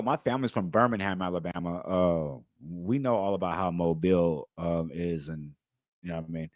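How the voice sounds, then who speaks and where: A man's voice: sits low, fast talker, darkish tone, no echo, studio quality. A man hosting a livestream interview, earnest and talking to both his guest and his chat. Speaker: host.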